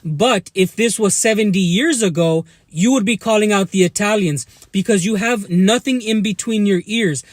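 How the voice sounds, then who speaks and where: A man's voice: sits high, normal speed, few pauses, dry recording, clean studio sound. A young man with a Mexican American accent, ranting back at commenters during a live stream, combative and mocking. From United States. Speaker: livestream vlogger. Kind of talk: live-stream rant to chat.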